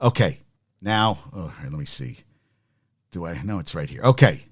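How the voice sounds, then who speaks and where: Animated rambling man hosting sports podcast. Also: low voice, normal speed, slightly rough, dry recording, studio quality. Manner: rambling and animated, many restarts and asides. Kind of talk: casual sports talk podcast, reacting to chat.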